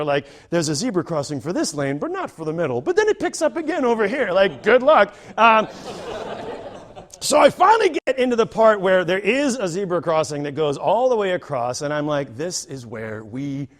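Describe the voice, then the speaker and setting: A male comedian tells a story on a theater stage in a fairly high voice. His delivery swoops up and down, full of animation as he plays out the scene. He is lively and performative throughout. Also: normal speed. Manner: animated, acts out characters. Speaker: stand-up comedian.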